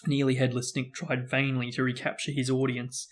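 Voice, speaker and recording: A man reading a novel aloud as narrator, in steady storytelling narration. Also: medium pitch, moderate pace. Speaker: book reader.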